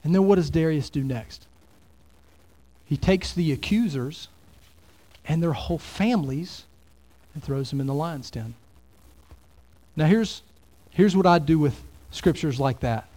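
A man's voice: fairly high pitch, a little slow, pauses often, warm tone. A man preaching a sermon as pastor, in a conversational way full of rhetorical questions.

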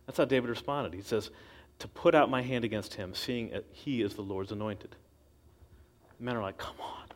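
A man preaching in a relaxed, conversational way, retelling a story and slipping into the voices of the people in it. His pitch sits in an ordinary middle range for a man. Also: moderate pace. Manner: conversational storytelling with acted quotes. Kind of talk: sermon.

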